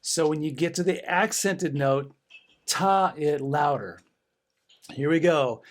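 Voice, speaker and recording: A man's voice: a little high, slow. A middle-aged man giving a band lesson, encouraging students and counting rhythms aloud with bursts of cheering. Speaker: band director. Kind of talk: music lesson demonstration.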